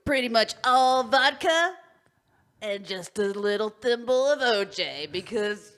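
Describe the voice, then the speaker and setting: A loud, swaggering dude-bro party guy with a slow drawl, as a woman puts him on. He sounds pumped and sure of himself, the bright edge of his voice pushed to the front. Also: fairly high pitch, animated. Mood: cocky.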